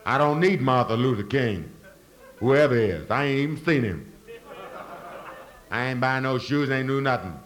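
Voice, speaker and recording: A man putting on a loud swaggering braggart. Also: medium pitch, lively intonation, normal speed, pauses often, pitched above the performer's own voice, lightly acted. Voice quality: loud, slangy, boastful. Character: swaggering man boasting he owns the town. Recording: live audience crowd noise.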